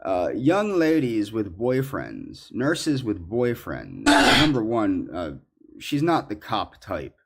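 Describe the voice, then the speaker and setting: A man in a ranting monologue, accusatory and indignant, halting with fillers. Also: fairly low pitch, wildly swooping pitch. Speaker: commentary subject in clips.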